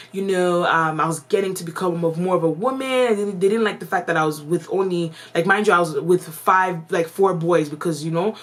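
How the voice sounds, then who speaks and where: A woman from Canada telling a casual storytime vlog, slangy and chatty, full of "like" and "yo.". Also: on the low side. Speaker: vlogger.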